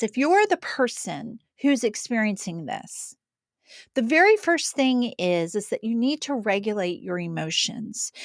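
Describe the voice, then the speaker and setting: Slow, calm woman teaching. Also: fairly high pitch, no room sound, clean studio sound. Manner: calm, steady, repeats key points. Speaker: coach. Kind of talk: teaching talk to camera.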